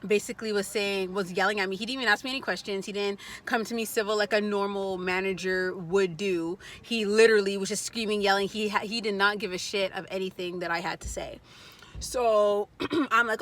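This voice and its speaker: A woman's voice: mid-range voice, fairly even intonation, brisk, fairly bright tone. A young adult woman vlogger telling a casual story, blunt and profane, acting out what other people said.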